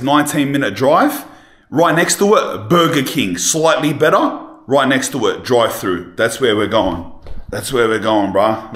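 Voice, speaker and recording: A young man filming a casual travel vlog, talking in excitable slang and calling the viewer bro, cuz and lad. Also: mid-range voice, no echo. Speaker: travel vlogger.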